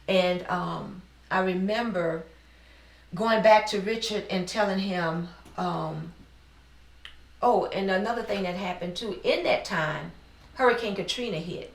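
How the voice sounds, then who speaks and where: A woman's voice: medium pitch, unhurried. A middle-aged woman from New Orleans, telling her personal story in an earnest, heartfelt interview. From New Orleans, USA. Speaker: business owner interviewee. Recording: roomy sound, mic at a distance.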